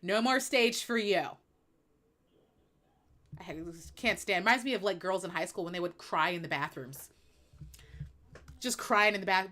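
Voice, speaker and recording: A woman's voice: medium pitch, unhurried, pauses often, pushed and bright. A woman hosting a live stream, talking bluntly and emphatically in an opinionated, sassy way. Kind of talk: opinionated casual chat.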